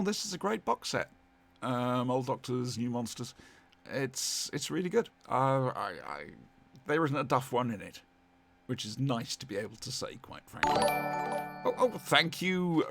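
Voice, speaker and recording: A man's voice: mid-range voice, lively intonation, unhurried, creaky, a bit bright. A man hosting a casual live stream, rambling and self-mocking with lots of fillers. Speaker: livestream host.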